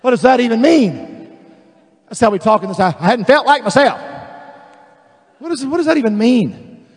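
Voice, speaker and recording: A male pastor preaching a sermon, animated and emphatic, acting out voices of the people he describes. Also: very high voice, normal speed, breathy edge, big-room sound. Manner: animated, acts out quoted voices, builds to emphatic declarations.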